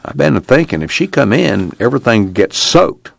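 A man's voice: mid-range voice, big pitch swings, moderate pace, vocal fry, dry recording, voice pushed up, heavily acted. A man reading aloud voicing a practical, blunt young man from a rural family in an audiobook, with a folksy drawl. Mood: earnest.

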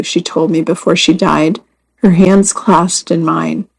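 A woman reading first-person magazine stories aloud as scripted narration, in a measured and earnest way. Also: lowish voice, fairly even intonation, vocal fry, slightly rough, rough recording. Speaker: magazine story reader.

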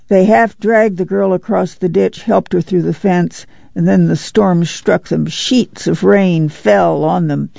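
A narrator reading a novel aloud at a steady, measured pace. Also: mid-range voice, gravelly, no room sound, highs cut off. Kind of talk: audiobook narration.

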